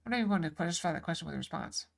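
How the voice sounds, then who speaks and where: A woman's voice: lowish voice, animated, racing, gravelly, background noise. A woman reading a dry, exasperated young lawyer. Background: game music.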